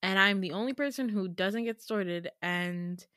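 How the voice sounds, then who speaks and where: A young woman tells a long story in a relaxed, chatty way, laughing often and swearing freely. Her voice sits at an ordinary pitch and is recorded close and dry, with no room sound around it. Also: unhurried, no room sound. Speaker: podcast host. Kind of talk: casual storytelling.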